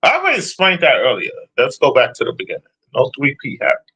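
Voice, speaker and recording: A man's voice: mid-range voice, wildly swooping pitch, quick pace, sharp tone, husky. A man ranting casually about football predictions, blunt and profane as he answers his chat. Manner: profane, blunt, trash-talking. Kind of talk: casual sports rant.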